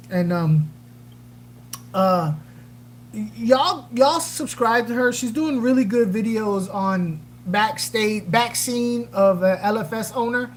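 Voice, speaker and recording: Woman host, rambling jokey livestream chatter, a touch high-voiced, faint hum behind. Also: low-quality recording. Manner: rambling, reads out and answers viewer comments; animated, jokey, trails off with fillers. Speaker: aquarium channel livestream host. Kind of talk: casual livestream chat.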